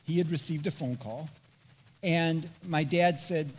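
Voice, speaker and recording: A middle-aged man preaching a sermon, telling a personal story in an earnest, animated, self-deprecating way. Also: a little high, measured pace, breathy edge. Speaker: pastor.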